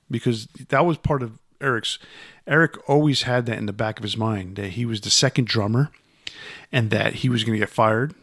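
Recorded at studio quality with no echo, this man's medium-pitched, fairly bright voice carries a casual podcast conversation as co-host. His speech wanders with frequent restarts and repeated words, growing emphatic and louder as he makes his points.

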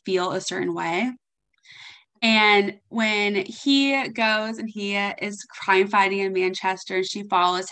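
A woman's voice: mid-range voice, fairly bright tone. A young woman with a mid-range voice chats about a book on a podcast. She gushes as she talks and fills her sentences with "like". Her tone stays casual and talkative. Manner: gushing, chatty, heavy use of "like". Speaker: podcast co-host.

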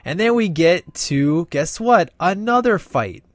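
A man with a slightly high voice walks through a movie's story in a loose, chatty way. He keeps slipping into the characters' lines and stumbles over fillers. The sound is dry and close. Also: a little slow, dry recording. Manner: animated retelling, acts out quoted dialogue, many fillers. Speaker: movie reviewer. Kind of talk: casual film recap.

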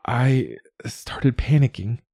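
A man voicing a young adult daughter who has just woken, her voice strained and croaking but her words tumbling out quickly. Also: medium pitch, expressive, dark tone, pitched above the performer's own voice, exaggerated voice. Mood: panicked. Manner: rapid cascade of words.

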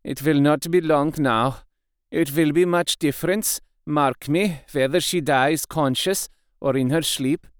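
A man's voice: fairly high pitch, unhurried, smooth, no echo, clean studio sound, voice pushed up, close to an everyday voice. A man reading aloud, voicing a stern older professor in a firm, grave way.

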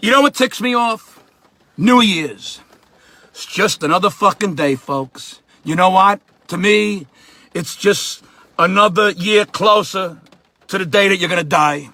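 A man voicing an angry, foul-mouthed ranting character with a New York area accent, shouting and cursing. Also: sits high, a little slow, no echo, full character voice.

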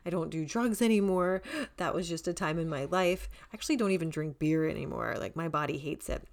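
A woman's voice: deep voice, a little fast, creaky. Forties woman podcast host, chatty storyteller, swears a lot, acts out the voices. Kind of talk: casual storytelling.

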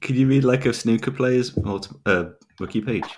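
A man's voice: mid-range voice, moderate pace, a little mellow, a little hiss or hum. A man in casual chat, laughing often and stumbling over difficult words.

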